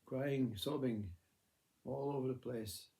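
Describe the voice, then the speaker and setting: A man voicing a calm, unbothered mother who brushes off her children's worries with soothing patience. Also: medium pitch, slow.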